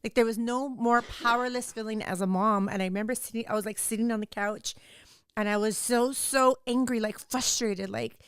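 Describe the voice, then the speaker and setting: A woman's voice: on the high side, fairly even intonation, normal speed, clear, resonant tone, dry recording, studio quality. A woman in her thirties hosting a podcast, telling a personal story intensely, peppered with "like" and cursing. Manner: intense, repeats "like" constantly, swears freely. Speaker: podcast host.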